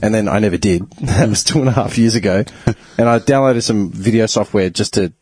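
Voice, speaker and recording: A man's voice: fairly low pitch, fairly quick, darkish tone, breathy edge, no room sound. A man hosting a podcast in casual chat, laughing often and telling stories animatedly. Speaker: podcast host.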